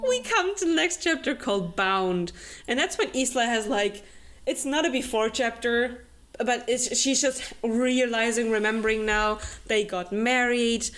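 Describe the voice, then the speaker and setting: A young woman hosts a casual book club chat and recaps a fantasy novel with sarcastic asides. She talks animatedly and fills her pauses with fillers. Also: on the high side, a bit bright.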